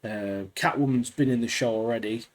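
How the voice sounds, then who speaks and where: A man chats with his podcast co-host at an ordinary middle pitch. He keeps things loose and friendly and drops "mate" into his sentences. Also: brisk. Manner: chatty, says "mate" a lot. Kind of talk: casual chat.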